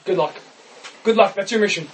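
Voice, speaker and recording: A man's voice: high voice, a little fast, slight background noise, low-quality recording. Laid-back teasing man. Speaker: podcast co-host. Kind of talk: casual chat.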